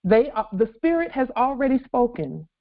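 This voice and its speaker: A woman's voice: fairly high pitch, sing-song, moderate pace. A woman leading a weekly conference-call assembly, speaking earnestly and repeating key phrases for emphasis. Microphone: phone. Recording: tinny conference phone line.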